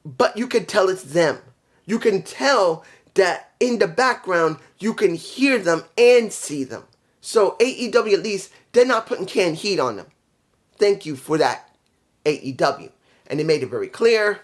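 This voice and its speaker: A man's voice: sits high, lively intonation, a little slow. A man giving a casual solo review of a wrestling show, rambling and blunt, swearing freely and trailing off with fillers when he forgets details. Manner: rambling, profane, blunt opinions.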